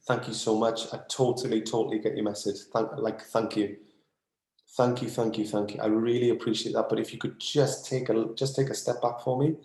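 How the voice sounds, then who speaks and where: A man channelling in a spiritual session. He talks earnestly and excitably, repeats phrases, sighs often, and sounds overwhelmed as he calms himself down. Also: medium pitch, normal speed, echoey room. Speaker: psychic channeller.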